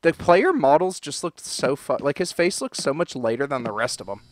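A man doing let's play commentary, loud and joking, swearing and talking back to game characters. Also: on the high side, sing-song, normal speed, slight background noise. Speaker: gaming video creator.

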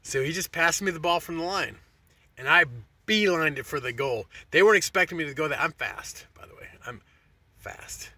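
A middle-aged man vlogs a rambling, profane story in a casual monologue, often restarting his sentences. His voice is on the high side, brisk and sharp, with no echo.

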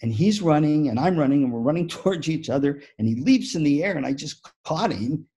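Mellow husky man giving a keynote. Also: on the high side, fairly quick. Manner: animated storytelling with acted-out quotes. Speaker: keynote speaker. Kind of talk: conference keynote talk.

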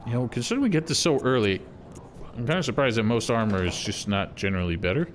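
A man's voice: mid-range voice, animated, fast talker, slight background noise. Man cursing over a hard game. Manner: frustrated, profane, yelling at enemies. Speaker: streamer playing a video game. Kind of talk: live game commentary.

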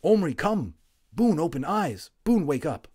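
A man's voice: medium pitch, big pitch swings, a little slow, darkish tone, voice pushed up. A man voicing a proud, stern little male warrior chief who speaks in short, clipped broken phrases. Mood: urgent, proud.

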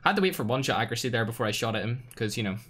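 A young man with a Northern Irish accent streaming a game live, reacting loudly and greeting chat in casual slang. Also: medium pitch, very fast. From Northern Ireland. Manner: excitable, slangy, swings between loud outbursts and muttering. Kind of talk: live gameplay commentary with chat shout-outs.

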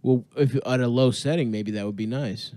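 A man's voice: medium pitch, normal speed, warm tone. A man in his thirties co-hosting a casual comedy podcast, asking naive and absurd questions. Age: 30s. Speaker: podcast co-host.

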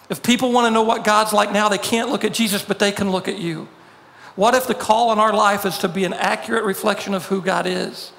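A male pastor preaching with a high, gravelly voice. He drives his message through repeated rhetorical questions. The sound carries the long reverb of a large hall. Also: fairly bright tone. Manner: rhetorical questions, builds to emphatic quoted lines. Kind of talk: sermon.

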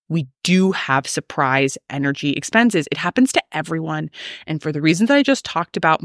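Woman podcast host, emphatic rant, lively swooping pitch, low-set voice. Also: dry recording, clean studio sound. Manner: emphatic, animated, ranty.

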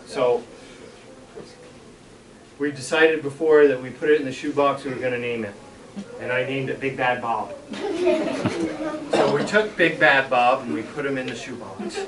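A man, a school superintendent, telling a story to a class of third graders in a lively way, dropping to a hush for suspense. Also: mid-range voice. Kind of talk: animated storytelling to children. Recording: echoey classroom, mic far off, children listening. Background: children listening.

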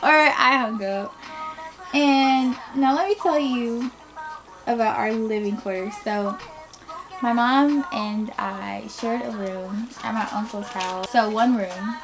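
Slow-talking sassy young woman vlogger. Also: fairly high pitch. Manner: animated storytelling, sassy, laughs often. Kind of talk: storytime vlog. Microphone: laptop webcam.

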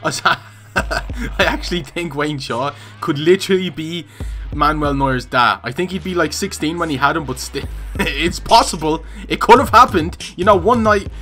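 Excitable young gamer, lively pitch. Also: male voice, moderate pace, soft background music. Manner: excitable, swearing, laughing often. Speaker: gaming YouTuber. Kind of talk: casual gameplay commentary.

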